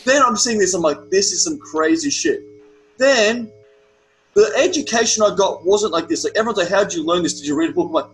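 A young Australian man in casual chat, telling an animated story with lots of swearing. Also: high-pitched, a little fast, faint music behind, poor audio. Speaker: podcast guest.

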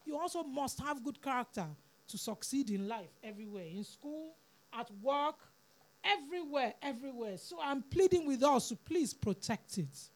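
A woman's voice: high-pitched, expressive, moderate pace, darkish tone. Earnest woman preacher, raised voice. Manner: earnest, pleading, repeats words for emphasis. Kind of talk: sermon.

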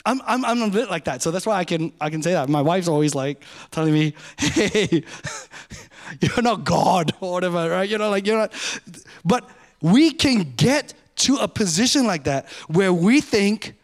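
A middle-aged man, a pastor, giving a sermon in a conversational, self-mocking way, speeding up and slowing down often. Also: high voice, expressive. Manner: conversational, self-mocking, varies pace a lot.

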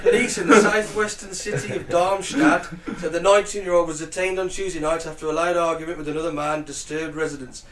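A man's voice: fairly high pitch, fairly even intonation, fairly quick, few pauses, reverberant, far from the mic, a crowd in the background. A man co-hosting a podcast, reading out odd news items in a matter-of-fact way. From Britain. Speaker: podcast co-host, news reader.

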